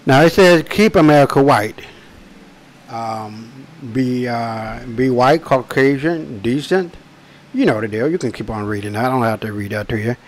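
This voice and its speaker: A man presenting his own book in a rambling monologue, emphatic and profane, often slowing to drag out his words, with frequent restarts and asides. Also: medium pitch, lively intonation, low-quality recording. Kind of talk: rambling direct-to-camera monologue.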